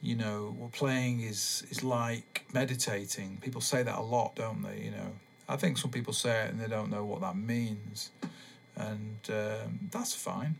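A man hosting a podcast, rambling in a relaxed, meandering way with many pauses and ums. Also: fairly low pitch, gravelly. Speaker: podcast host. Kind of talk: casual rambling monologue.

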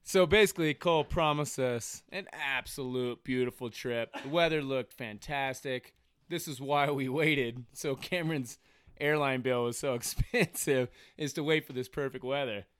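A man's voice: medium pitch, normal speed, fairly bright tone, clean tone, no room sound, studio quality. A man on a podcast, teasing his friend and telling a story in casual chat. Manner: teasing, laughs often. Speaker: podcast co-host.

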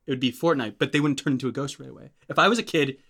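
A young man, a podcast guest, telling a story in casual chat, animated and full of likes and restarts. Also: medium pitch, rapid-fire, vocal fry.

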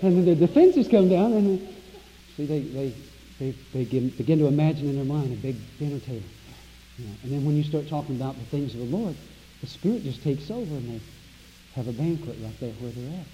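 A man preaching a sermon as pastor, emphatic and rising to loud exclamations. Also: mid-range voice, expressive, fairly quick, slight background noise. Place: church sanctuary. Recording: dull lo-fi recording with long hall reverb.

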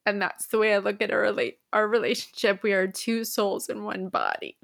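A young woman co-hosting a casual podcast, her voice sitting at a middle pitch. She grows emotional and a little teary as she tells a story, laughing through the tears. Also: flat delivery, brisk, gravelly, a bit bright. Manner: emotional, tearful and laughing while telling a story. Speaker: podcast co-host.

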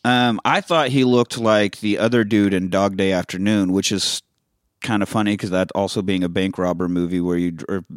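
A man hosting a casual film podcast, retelling scenes with animated energy and plenty of swearing. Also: low-pitched, normal speed, no echo, clean studio sound. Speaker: podcast host.

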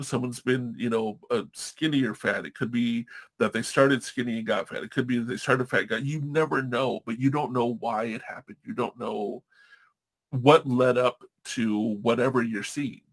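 A man's voice: mid-range voice, fairly even intonation, normal speed. A man hosting a casual podcast chat, talking candidly and profanely, rambling through restarts.

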